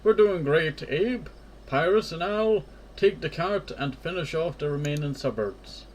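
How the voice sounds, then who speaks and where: A woman's voice: deep voice, expressive, unhurried, darkish tone, a little hiss or hum. A man voicing a cheerful young woman who delivers newspapers with her dog, in an upbeat put-on accent.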